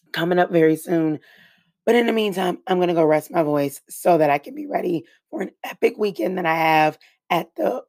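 A woman hosting a podcast with a hoarse voice she has nearly lost, talking casually and apologizing through a quick intro. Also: on the low side, darkish tone, no echo, studio quality. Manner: apologetic, rushed, laughing at herself. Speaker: podcast host.

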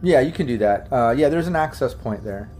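A man's voice: medium pitch, animated, brisk, a little mellow, slight background noise. A man running a tabletop role-playing game as game master, talking casually and swearing freely. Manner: casual, profane, acts out the captive in a raised voice.

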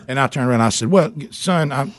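A man hosting a radio show, telling a story in a casual, animated way with laughter and repeated words. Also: mid-range voice, normal speed, dry recording, clean studio sound.

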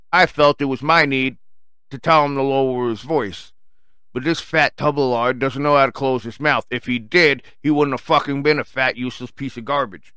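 A man's voice: medium pitch, sharp tone, smooth, no room sound. A man telling a story in a heated, profane rant full of insults.

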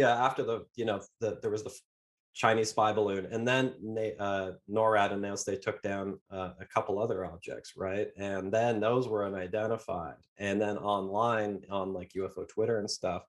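Hesitant low-voiced male guest. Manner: hesitant, full of fillers and restarts. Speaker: podcast guest. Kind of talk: casual conversational interview.

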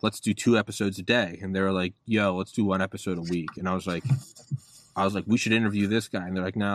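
A man in his thirties with a low voice tells long stories as a podcast guest, cursing freely and rambling. He swings from quiet, trailing asides to loud, excited bursts. His close mic sounds dry and intimate. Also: no room sound. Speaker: podcast host being interviewed. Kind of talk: casual interview storytelling.

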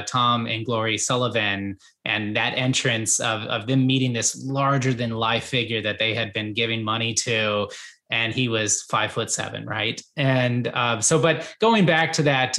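A man's voice: mid-range voice, a bit bright. Rambling male podcast host. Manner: rambling questions with many fillers. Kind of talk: conversational interview.

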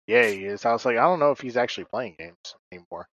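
Lively male podcast co-host. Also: mid-range voice, fast talker, highs cut off. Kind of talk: casual gaming podcast chat.

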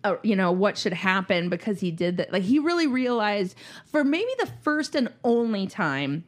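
A woman's voice: medium pitch, normal speed. A woman in her thirties telling a family story in casual podcast chat, swearing freely and acting out what people said. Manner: animated, swears freely, acts out quotes.

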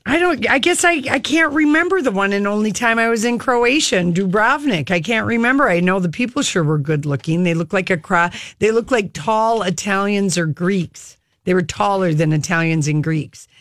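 A woman co-hosting a radio show, chatting casually and telling stories with animated energy. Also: medium pitch, moderate pace, few pauses, no room sound, clean studio sound. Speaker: radio co-host.

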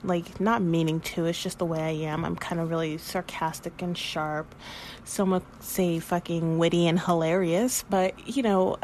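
A woman's voice: fairly low pitch, steady tone, moderate pace, a little mellow, a little hiss or hum. A woman in her thirties hosting her own podcast, talking candidly and emotionally, rambling and swearing freely, close to tears. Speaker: podcast host. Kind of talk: casual spiritual podcast monologue.

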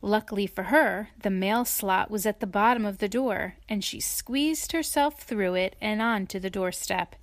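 A woman reading a children's story aloud in an expressive, playful way, adding asides to her listener. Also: mid-range voice, moderate pace, few pauses, no room sound, studio quality.

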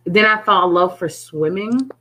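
A woman from Connecticut, a guest in a casual chat, telling stories in an animated way and acting out what people said. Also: lowish voice, moderate pace, poor audio. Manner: animated storyteller who acts out quotes.

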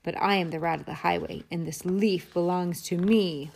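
Woman doing a greedy rat robber, bossy and boastful, loud rhythmic chanting, low-set voice. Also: fairly even intonation, moderate pace, creaky. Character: greedy bullying male rat highwayman.

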